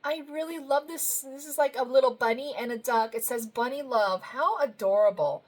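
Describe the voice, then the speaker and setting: A woman with a fairly high voice chats through her happy mail like a budgeting vlogger talking to friends. She gushes over every card, thanks each sender warmly, and laughs softly as she goes. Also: normal speed. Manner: gushing, effusive, lots of thank-yous and soft laughs. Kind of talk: casual vlog, opening happy mail.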